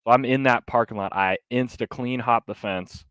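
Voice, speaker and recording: A man co-hosting a podcast, telling a story in casual, animated chat with lots of fillers and some swearing. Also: medium pitch, moderate pace, clear, resonant tone, dry recording. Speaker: podcast co-host.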